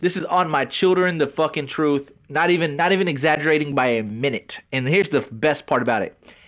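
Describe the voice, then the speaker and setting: A man co-hosting a casual podcast from his home podcast room, ranting in an animated, profane way. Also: on the high side, a little fast. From Texas. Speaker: podcast co-host.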